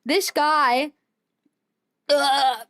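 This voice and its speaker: A young woman streamer giving casual live game commentary, excitable with loud exasperated outbursts. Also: high voice, very slow.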